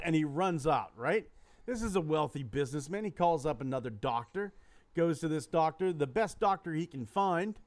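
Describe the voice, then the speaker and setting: A man's voice: a little high, big pitch swings, normal speed, darkish tone. A man co-hosting a casual podcast, telling a crude joke and putting on voices for its characters. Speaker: podcast co-host. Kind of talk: casual crude chat about toys.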